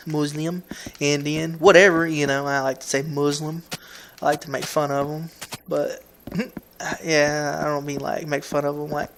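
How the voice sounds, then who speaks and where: Speaking into a home computer mic, a gaming video host with a Southern US accent rambles casually, often repeating himself and starting over. His voice is slightly high, creaky and a little bright, and his manner is relaxed.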